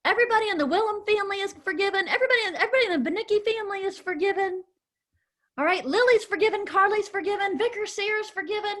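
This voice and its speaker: Upbeat woman teaching kids a bible lesson, encouraging, really high bright voice. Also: racing. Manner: animated, encouraging, calls on children by name. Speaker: children's ministry teacher.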